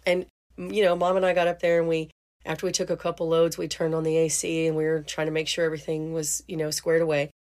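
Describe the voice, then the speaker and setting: A woman's voice: deep voice, completely flat delivery, fast, darkish tone. A middle-aged woman hosting a podcast who tells a family story in a chatty, casual way, laughing often and saying "you know". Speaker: podcast host.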